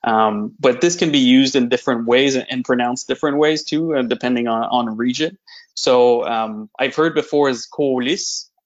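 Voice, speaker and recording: A man, explaining slang in a relaxed, hesitant, casual podcast chat. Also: medium pitch, moderate pace. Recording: slightly muffled lo-fi audio.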